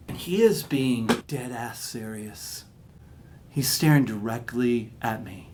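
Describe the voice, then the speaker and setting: A man from Alabama telling a comic story as a podcast host, animated and swinging from mumbled to shouted. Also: mid-range voice, measured pace, slight background noise.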